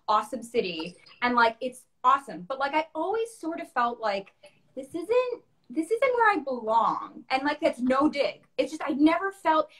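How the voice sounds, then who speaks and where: A woman from Chicago, a guest opera singer, telling her story in a casual interview. She talks in an animated way, acting out her past self in quotes and laughing often. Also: fairly high pitch. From Chicago, USA.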